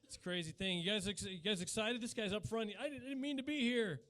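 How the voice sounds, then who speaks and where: A man's voice: high voice, quick pace, fairly bright tone. A man in his forties from Utah doing live stand-up comedy on a small cafe stage, chatting with the crowd and riffing in a mock-incredulous way. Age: 40s.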